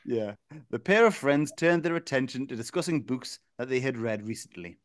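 A man's voice: medium pitch, normal speed, no room sound. Dry-voiced man reading aloud. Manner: deadpan reading, breaking into chuckles. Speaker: podcast co-host reading a listener's story. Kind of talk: reading a comic story aloud to a co-host.

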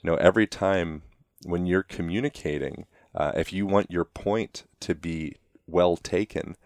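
A man talking as a guest in a relaxed conversational way, full of "you know" fillers and quick acted-out examples. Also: low-pitched, no echo, clean studio sound. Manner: animated, acts out quick voiced examples.

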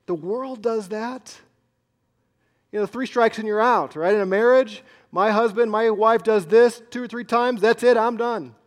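A man preaching a sermon as pastor, swinging between loud emphasis and hushed, near-whispered asides. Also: high voice, a little slow.

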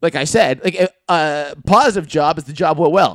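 A man's voice: on the high side, quick pace, few pauses, no echo, clean studio sound. A young adult man, co-hosting a podcast, telling rambling profane stories and laughing at his own jokes. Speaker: podcast co-host. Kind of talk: casual chat, storytelling.

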